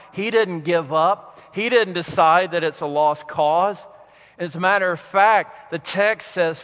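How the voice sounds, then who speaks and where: A male pastor preaching a sermon with dramatic pauses, swinging between soft and loud emphasis, in a church hall. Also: high voice. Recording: dull recording in a reverberant hall.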